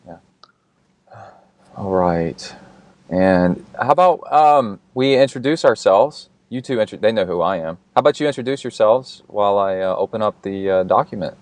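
A man hosts a podcast in a low voice, casual and quick to laugh. The recording is dry and close. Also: lively intonation, a little mellow, dry recording. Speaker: podcast host. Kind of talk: podcast interview.

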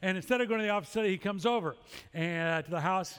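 A man's voice: high voice, fast talker, a bit bright, clean tone. A middle-aged male pastor preaching a sermon, telling a story with humorous, self-deprecating asides. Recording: long hall reverb.

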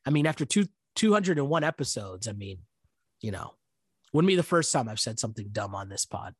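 A man's voice: medium pitch, sing-song, fairly quick, husky, no room sound, clean studio sound. A man from Canada co-hosting a podcast in casual chat, chatty and self-mocking, laughing often. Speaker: podcast co-host.

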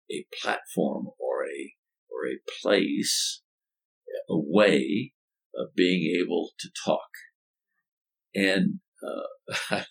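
A deep-voiced older man with a gravelly, creaky edge talks through ideas in a conversational, storytelling way. He often doubles back on his words and drops in homespun phrases. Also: low-quality recording. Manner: thoughtful, halting restarts, folksy turns of phrase. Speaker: former college president and speaker.

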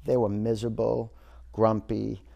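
A man voicing a traveler who asks about a town in a spoken parable, with a gravelly edge. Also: lowish voice, level tone, unhurried, dark tone. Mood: curious.

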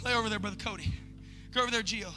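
A male pastor preaches with a high voice and a piercing, very bright tone. He drops to hushed storytelling, then climbs into shouted, urgent pleading. Faint church music plays under the service recording. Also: fairly even intonation, racing, long reverb tail. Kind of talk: sermon. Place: church sanctuary.

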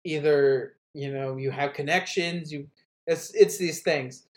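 A man's voice: fairly high pitch, fairly even intonation, a little slow. A man co-hosting a casual comedy podcast, ranting with lots of swearing and frequent laughs. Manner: profane, ranting, laughs often. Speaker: podcast co-host.

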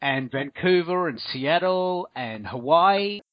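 Chatty Australian man, fairly high voice. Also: lively intonation, slow pace, dry recording. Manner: enthusiastic, chatty. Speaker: podcast host. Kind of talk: casual chat. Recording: dull, dry lo-fi sound.

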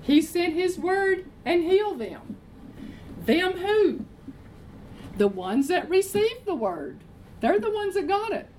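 A woman's voice: very high-pitched, big pitch swings, slow pace, long pauses, darkish tone, slight background noise, rough recording. A woman preaching a sermon, emphatic, repeating her phrases and answering her own questions.

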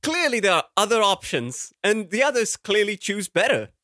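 Man, fairly high bright voice, dry sound, wry casual film chat. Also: very animated, moderate pace, dry recording.

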